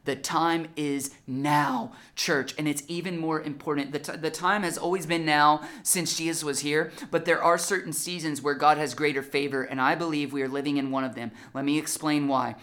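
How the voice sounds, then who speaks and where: A man preaching a sermon to his church, impassioned, stretching out key words, then shifting into lively storytelling with acted-out dialogue. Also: fairly high pitch, normal speed, few pauses. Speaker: pastor.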